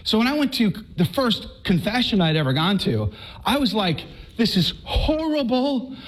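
A middle-aged man from Texas, giving an animated personal testimony to a live audience, joking at times and earnest at others. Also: high voice, moderate pace. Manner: lively, joking, then earnest and preachy.

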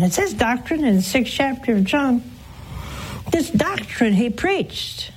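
A woman hosting a call-in show as a nun, preaching in a slow, earnest manner. Her voice sits somewhat high and swoops upward on the words she stresses. She is heard in a studio. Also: a little mellow, poor audio. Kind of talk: preaching and answering callers.

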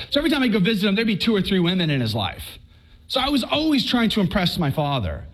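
High-voiced man from Texas telling his story. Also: poor audio. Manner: animated, conversational storyteller who often restarts words. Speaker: speaker giving a personal faith testimony. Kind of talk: storytelling talk to a live audience.

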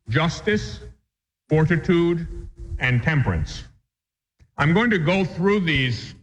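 A man, a Catholic priest, teaching a catechism class in an earnest, emphatic way and repeating his key points. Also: on the high side. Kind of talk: religious lecture. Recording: dull lo-fi sound in a reverberant hall.

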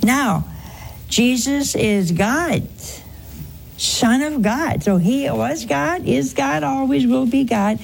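Host for a faith call-in show: a woman with a husky voice, slow and deliberate, emphatic and earnest. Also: high-pitched. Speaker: host answering a caller. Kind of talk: religious call-in teaching.

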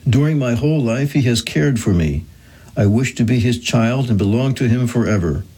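A man reading the part of a poor, ill, blind old woman speaking gently and devoutly. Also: medium pitch, expressive, moderate pace, slightly rough.

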